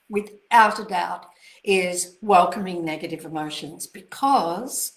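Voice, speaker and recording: During a live online session, an author with a medium-pitched voice warmly encourages viewers, answers their questions, and enthuses over their hellos. The audio is poor and sounds roomy.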